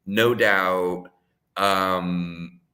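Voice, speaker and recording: Bright-voiced man telling a rambling story. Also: sits low, fairly even intonation, extremely slow. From United States. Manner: rambling, many "like" fillers, laughs often. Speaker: co-host. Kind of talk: casual storytelling chat.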